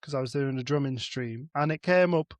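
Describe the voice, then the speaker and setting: A man's voice: mid-range voice, a little fast, no echo. Blunt, sweary Northern English man. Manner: blunt, sweary, laid-back. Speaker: podcast co-host and drumming streamer. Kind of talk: casual chat.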